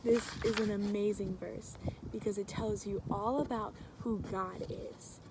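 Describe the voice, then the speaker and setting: A woman's voice: mid-range voice, steady tone, unhurried, very noisy. A woman teaching a children's scripture lesson, upbeat and encouraging as she talks to the kids.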